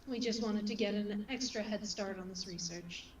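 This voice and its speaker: A woman's voice: mid-range voice, moderate pace, natural voice. Woman as a polite careful lady investigator, roomy sound, bit of hum. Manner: polite, formal.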